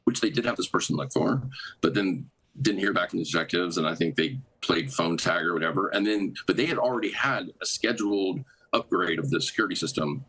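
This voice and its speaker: Low, raspy-voiced man, rapid run-on storyteller. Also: animated, a bit bright, poor audio. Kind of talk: recounting an account in a played clip.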